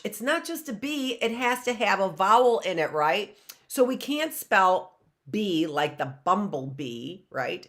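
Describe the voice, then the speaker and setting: A woman's voice: fairly low pitch, fairly bright tone. A woman teacher with an American accent giving an online phonics lesson to children, coaxing them to call out answers in a sing-song way.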